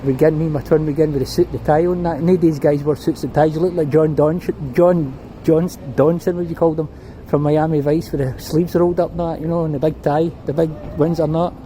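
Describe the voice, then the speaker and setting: A middle-aged Scottish man rambles cheerfully through his memories while walking a city street. His voice sits a little high but has a warm, mellow tone. Faint traffic hums behind him, picked up by a handheld phone. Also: fairly even intonation, a little fast, low-quality recording. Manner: rambling, reminiscing, chatty. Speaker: vlogger. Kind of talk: walking tour vlog.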